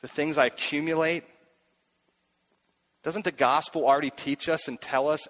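A man's voice: fairly high pitch, steady tone, moderate pace, long pauses, fairly bright tone. Earnest middle-aged male pastor preaching. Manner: earnest, asks himself questions aloud, repeats phrases. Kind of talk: sermon.

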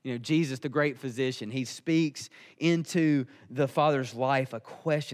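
A man's voice: mid-range voice, unhurried, big-room sound. A man preaching a sermon, earnest and emphatic. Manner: earnest, emphatic, building in intensity.

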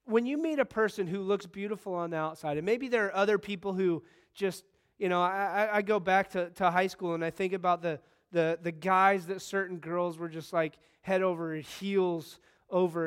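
A man in his thirties delivers a sermon in a high, light voice. He talks to the congregation like a friend, telling stories and breaking into sudden excited bursts. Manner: conversational, animated storytelling with sudden bursts of excitement. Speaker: pastor.

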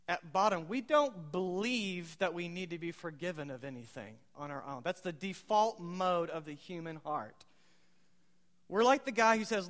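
A man with a notably high voice preaches a sermon in a relaxed, conversational way, asking his congregation questions and dropping quoted one-liners. His words ring out with a long reverb from a large church hall. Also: normal speed. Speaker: pastor.

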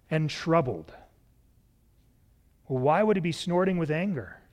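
A man preaching a sermon, expressive and shifting his pace, acting out the lines he quotes. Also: fairly high pitch, a little slow, long pauses. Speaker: pastor.

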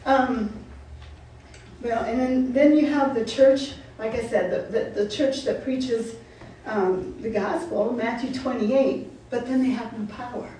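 A woman's voice: on the high side, warm tone. A woman preaching a sermon, firing repeated questions at her congregation with laughing asides. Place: church sanctuary. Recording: roomy echo, from far off, faint noise.

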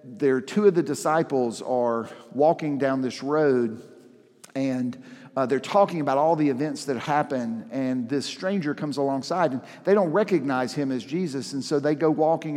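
A man's voice: medium pitch, moderate pace, a little mellow. A male pastor delivers a sermon in a mid-range voice. He talks to the congregation in a loose, storytelling way and leans into the dramatic moments. The sound carries the long reverb of a large church hall. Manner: conversational storytelling with dramatic emphasis.

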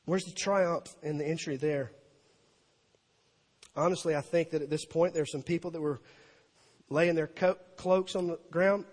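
High-voiced preacher in an echoing hall. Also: male voice, normal speed, pauses often. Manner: animated, acts out crowd and scripture quotes with rising pitch. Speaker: pastor. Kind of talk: sermon. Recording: long reverb of a large hall.

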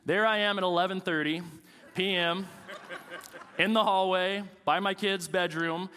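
Man, pastor, 30s, sermon, joking and casual, bright tone, hall echo. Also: high-pitched, fairly even intonation, a little slow. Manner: casual, joking storytelling preacher.

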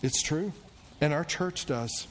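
A male pastor telling a story in a sermon, animated and acting out the voices of the people in it. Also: slow pace. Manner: animated storyteller, acting out quoted voices with big pitch jumps. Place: church sanctuary. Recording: long church reverb with faint room noise.

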